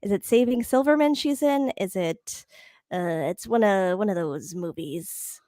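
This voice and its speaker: A woman's voice: medium pitch, expressive, unhurried, dark tone, no echo, clean studio sound. A woman co-hosting a podcast in casual chat, laughing often and searching for words. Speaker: podcast co-host.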